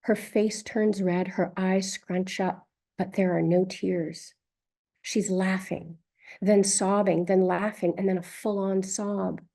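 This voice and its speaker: Slow, gentle woman with a gravelly voice. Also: medium pitch, fairly even intonation. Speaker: therapist narrating a session. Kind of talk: narrated case account.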